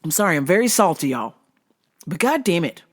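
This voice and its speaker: A podcast host ranting casually about fights, swearing a lot and getting heated and excitable. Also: brisk. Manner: wide, jumpy pitch swings when worked up. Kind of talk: casual solo rant podcast.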